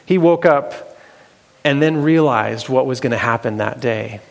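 A man telling a Bible story aloud, unhurried and halting, with fillers and restarts. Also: medium pitch, vocal fry. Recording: long hall reverb.

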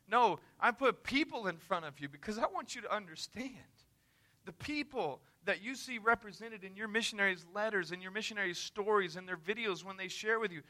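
Male missionary preacher, emphatic storyteller, sharp, ringing tone. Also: high voice, expressive, fairly quick. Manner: earnest, emphatic, conversational. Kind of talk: sermon storytelling.

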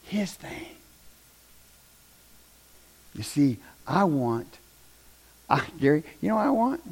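A man, preaching a fiery revival sermon in a church, swinging from shouts down to a near-whisper. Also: on the high side, big pitch swings, moderate pace, vocal fry. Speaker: pastor.

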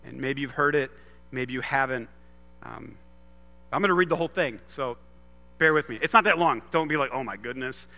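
A man in his thirties giving an earnest sermon, moving from loud emphasis to hushed storytelling. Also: mid-range voice, moderate pace, long pauses, in a large hall, dull audio. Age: 30s. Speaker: pastor.

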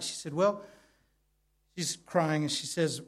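A man with a slightly higher voice delivers a sermon as a heartfelt story. He talks conversationally, with fillers and restarts, and lets his main points fall soft and quiet. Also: normal speed, long pauses. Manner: storytelling, soft intimate drops at key lines. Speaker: preacher.

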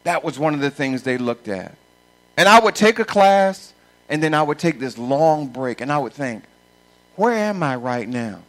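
A middle-aged man preaching a sermon, emphatic and often shouting, repeating lines for stress. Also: on the high side, lively intonation, moderate pace, poor audio.

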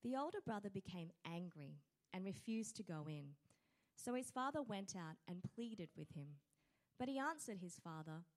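A woman reading a scripture passage aloud in church, measured and expressive. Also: lowish voice. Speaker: scripture reader.

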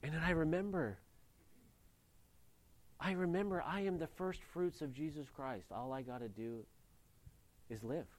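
A man preaching a sermon, moving between loud emphasis and quiet, low scripture reading and plain explanation. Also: unhurried, long pauses. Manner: reads scripture aloud and explains it. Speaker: pastor.

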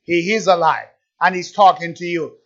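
A man's voice: sits high, steady tone, normal speed, fairly bright tone. A man preaching a fervent sermon, repeating himself and firing rhetorical questions at his listeners. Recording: dull lo-fi recording.

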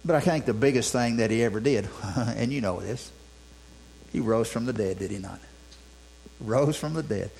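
A man's voice: medium pitch, normal speed, gravelly, pauses often, darkish tone, low-quality recording. A man preaching a sermon in a conversational way, with many restarts and rhetorical questions. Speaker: pastor. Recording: mains hum.

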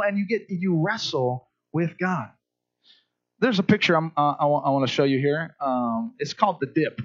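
In a dull, lo-fi recording, an animated male pastor with a notably high voice delivers a conversational sermon at normal speed. He restarts his sentences often and repeatedly checks in with the congregation: "right?"

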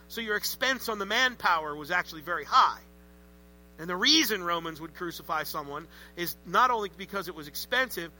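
Bright, high-voiced man preaching. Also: rough recording. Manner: conversational, animated, joking asides. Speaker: pastor. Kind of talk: sermon.

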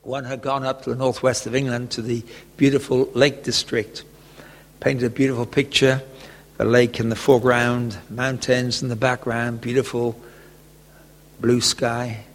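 A man preaching a sermon, telling a gentle personal story and often chuckling. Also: mid-range voice, level tone, unhurried. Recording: long echoey reverb.

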